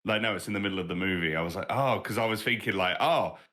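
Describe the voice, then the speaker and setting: A man's voice: low-pitched, racing, bright, forceful tone. A British man in his thirties co-hosting a podcast, chatting casually, swearing freely and laughing often. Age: 30s. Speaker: podcast co-host. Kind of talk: casual chat.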